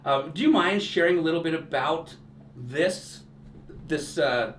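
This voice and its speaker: A man's voice: fairly high pitch, lively intonation, unhurried, a bit bright. Enthusiastic young guy hosting an interview, lots of yeahs and rights, echoey room, faint hiss. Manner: enthusiastic, lots of short affirmations. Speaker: interview host. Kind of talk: casual interview. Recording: roomy, distant mic with faint hiss.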